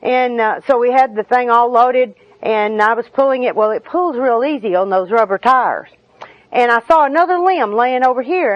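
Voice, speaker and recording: At a recovery meeting, a middle-aged woman tells folksy, humorous personal stories, often laughing through them. Her voice is fairly high, with no room sound, in a dull lo-fi recording with an audience.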